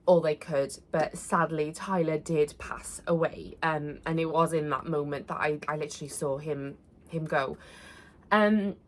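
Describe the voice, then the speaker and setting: A woman's voice: low voice, a little slow. Woman telling a personal story. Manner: earnest, conversational, with frequent fillers and restarts. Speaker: vlogger.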